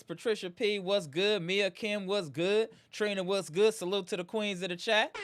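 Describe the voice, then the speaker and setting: A man's voice: high-pitched, fairly bright tone, smooth. A man hosting a live sports fan stream, greeting viewers by name and venting about his team's loss. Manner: hype, greets chat by name, frustrated. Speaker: livestream host.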